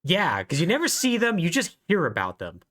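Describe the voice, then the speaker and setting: Lively storytelling man, casual podcast host. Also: high-pitched, a little fast. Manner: animated storytelling, laughing at his own jokes. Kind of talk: casual chat.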